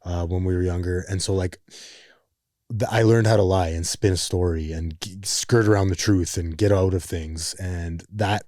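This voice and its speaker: Deep, mellow-voiced reflective man. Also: fairly even intonation, no echo, studio quality. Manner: reflective, measured storytelling. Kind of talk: casual podcast conversation.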